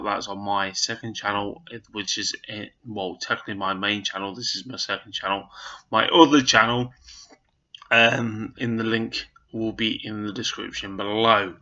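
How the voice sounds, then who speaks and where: A man talks to his viewers in a loose, rambling, earnest vlog style. His voice sits low but has a bright, forceful edge. The recording is dull and lo-fi. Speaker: vlogger. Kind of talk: casual chat to camera.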